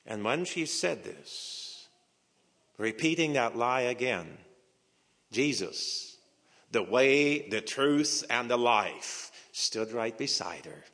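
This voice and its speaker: Slow, dramatic preacher man in a reverberant hall. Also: medium pitch, lively intonation. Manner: dramatic preaching that swings from hushed whispers to raised emphatic lines; slow and deliberate with repeated phrases. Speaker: pastor. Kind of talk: sermon.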